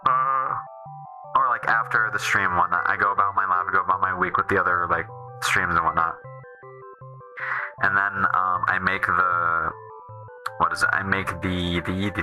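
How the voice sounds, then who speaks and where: A man's voice: deep voice, bright, forceful tone, poor audio. A man streaming a game, chatting casually in a rambling way that keeps restarting and trailing off. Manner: rambling, self-interrupting, restarts often.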